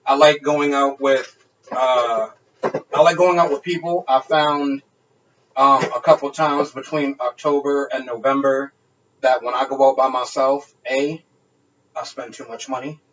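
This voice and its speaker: A man's voice: medium pitch, steady tone, a little slow, fairly bright tone, recorded from a distance, highs cut off, slight background noise. A man on a podcast telling a wild night-out story in casual, profane, laughing chat. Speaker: podcast co-host.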